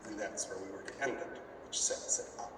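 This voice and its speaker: A man's voice: low voice, brisk, fairly bright tone, a little hiss or hum. A man casually telling a story to a convention audience, rambling and joking as he acts out bits of dialogue. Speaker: convention event organizer. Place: convention hall. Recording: echoey hall, mic from far off.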